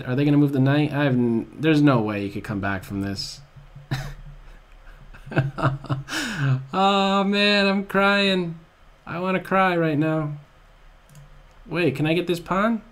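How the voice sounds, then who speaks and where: A man giving live commentary on his own blitz chess game, excitable and groaning at his own blunders, at a desk microphone. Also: medium pitch, measured pace, pauses often.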